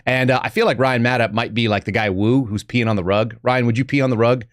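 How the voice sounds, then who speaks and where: A man's voice: mid-range voice, steady tone, fast, hardly any pauses, no room sound, clean studio sound. A man hosting a live podcast, giving casual political commentary in a sarcastic, rambling way with joking asides. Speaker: podcast host.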